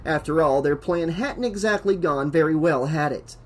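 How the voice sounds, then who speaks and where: A man with a voice on the high side reads a horror novel as a scripted audiobook at a moderate pace, leaning heavily into the dramatic moments.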